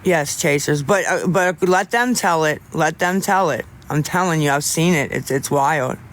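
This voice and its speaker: A man's voice: a little high, moderate pace, a bit bright. A man chatting casually with livestream viewers in a candid, rambling way, often restarting his sentences.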